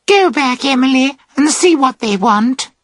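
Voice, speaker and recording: A man voicing giddy, scatterbrained young women in a storybook reading, in a high falsetto. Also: animated, a little slow, fairly bright tone, no room sound, studio quality, heavily acted. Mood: chirpy confused.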